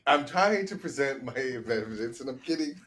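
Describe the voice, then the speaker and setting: A man, a comedian, arguing the defense in a comedy podcast mock trial, halting with many repeated starts. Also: mid-range voice, expressive, a crowd in the background.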